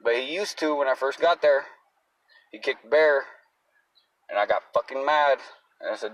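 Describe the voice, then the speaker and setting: A man's voice: mid-range voice, moderate pace, pauses often, dry recording, distant mic, lo-fi sound. A man in a casual, agitated rant, talking bluntly and swearing often. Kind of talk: casual profane rant to camera.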